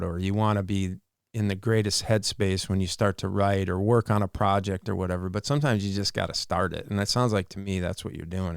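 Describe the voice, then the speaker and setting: A man's voice: deep voice, creaky, smooth, no room sound, studio quality. A man co-hosting a casual podcast, thinking aloud in a reflective way.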